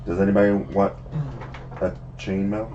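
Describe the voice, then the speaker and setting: A man playing in a casual tabletop game, soft-spoken and low-key. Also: level tone, moderate pace. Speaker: player. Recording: distant, echoey, muffled, noisy room.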